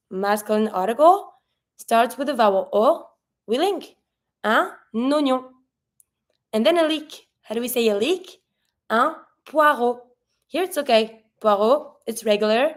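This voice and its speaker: A woman with a French Canadian accent teaching French pronunciation, spelling out sounds and slowing down for each model word. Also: on the high side. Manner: patient, spells out sounds, slows down for model words. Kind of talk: pronunciation lesson.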